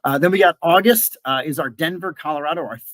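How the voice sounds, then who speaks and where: A man's voice: a little high, fast talker, a bit bright, no room sound. A man from southeastern Wisconsin hosting a live business webinar, talking in a casual, upbeat way with lots of "uh" fillers and restarts. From southeastern Wisconsin, USA. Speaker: webinar host and business coach.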